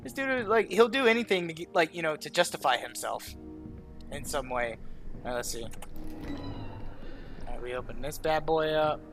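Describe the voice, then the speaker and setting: A man's voice: fairly high pitch, animated, moderate pace, pauses often, a bit bright, faint music behind. A young man from the American South, rambling chattily over a game he is playing. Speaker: gaming channel host. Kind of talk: casual game commentary.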